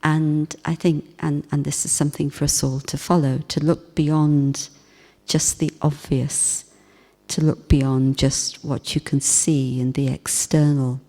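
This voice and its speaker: A woman giving a spiritual class talk, speaking in a gentle, reflective way with soft emphasis. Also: sits low, level tone, a little slow. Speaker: spiritual teacher. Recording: long hall reverb.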